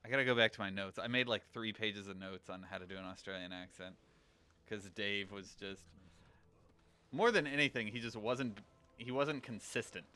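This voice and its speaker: A man chatting casually as a game streamer on a livestream, rambling and thinking out loud. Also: lowish voice, moderate pace. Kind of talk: casual livestream chat while gaming.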